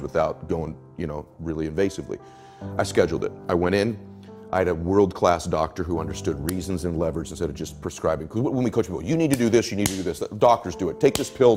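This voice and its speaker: Deep-voiced emphatic man telling stories. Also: a little mellow. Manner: emphatic, storytelling, acts out quotes. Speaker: interview guest, coach. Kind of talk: motivational interview talk.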